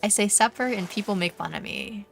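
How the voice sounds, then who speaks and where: A young Canadian VTuber streamer with a Canadian accent chats and teases viewers while gaming, her talk full of fillers. Her mid-range voice is gravelly and a little fast, with faint background music.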